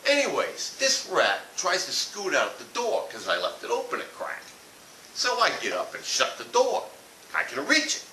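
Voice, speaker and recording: A man's voice: medium pitch, sharp tone. A man telling a blunt, profane comic rant about a family vacation. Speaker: comedic ranter. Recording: echoey room from far off with hiss.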